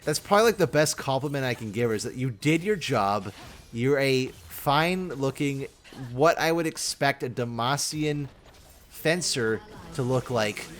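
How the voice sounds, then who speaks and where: A young man rambling through casual game commentary with lots of halting restarts. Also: medium pitch, a bit bright. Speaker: gaming video host.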